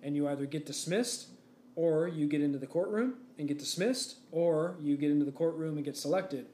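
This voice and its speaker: A man's voice: a little high, brisk, warm tone. A young man co-hosting a casual podcast, telling a rambling story with lots of fillers. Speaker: podcast co-host. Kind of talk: casual chat. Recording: echoey room with faint background noise.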